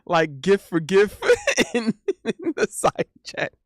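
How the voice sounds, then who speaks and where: A man's voice: high voice, big pitch swings, slow, fairly bright tone, no echo, clean studio sound. A young man telling a rambling, casual story as a streamer, with lots of restarts and laughter.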